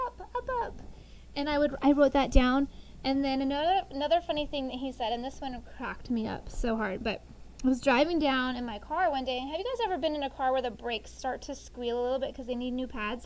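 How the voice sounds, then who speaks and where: A middle-aged woman teaching a sixth grade class, talking lively and telling funny family stories to the students. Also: high-pitched, slight background noise, rough recording. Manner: lively, animated storytelling. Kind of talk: classroom lesson with storytelling.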